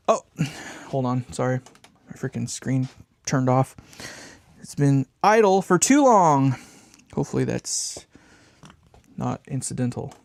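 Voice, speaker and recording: A man's voice: medium pitch, creaky. A man hosting a live amp build stream, talking casually and muttering and swearing at small parts as he works.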